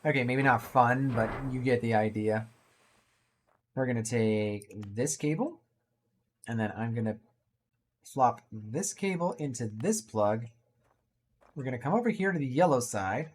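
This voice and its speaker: A man's voice: medium pitch, animated, unhurried, pauses often, slight background noise. A man chats his way through a building game in a casual let's-play. His voice swings widely up and down as he jokes to himself, playful and talkative. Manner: chatty, playful, jokey asides. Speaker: gaming video creator.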